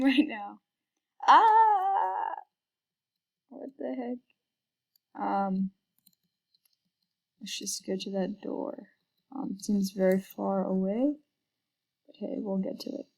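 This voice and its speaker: A woman's voice: mid-range voice, vocal fry, low-quality recording. A woman giving hesitant, casual commentary while playing a video game, full of fillers and whispered asides. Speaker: gaming video creator.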